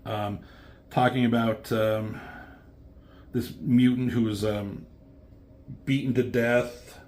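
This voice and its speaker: Casting: a man of middling pitch, casual comics reviewer, rambling and profane. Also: fairly even intonation, slow, darkish tone. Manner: rambling, swears, many fillers.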